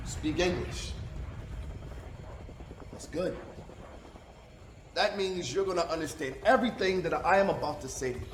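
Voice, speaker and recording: A man playing a brutal American soldier interrogating a prisoner, mocking and menacing, breaking into shouts. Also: on the high side, unhurried, long pauses, close to an everyday voice. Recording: roomy echo, faint background hiss.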